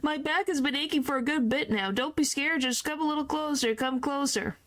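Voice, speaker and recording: Creepy old rat hag granny being way too friendly, read out by a streamer gal, kinda high voice. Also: female voice, a little fast, a bit bright. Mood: coaxing. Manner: coaxing, read aloud from game text.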